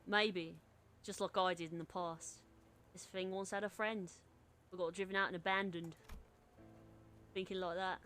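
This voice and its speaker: A woman's voice: fairly low pitch, fairly even intonation, normal speed, pauses often, fairly bright tone, slight background noise, natural voice. A woman reading a streamed game's dialogue as a brooding young man, weary and bitter.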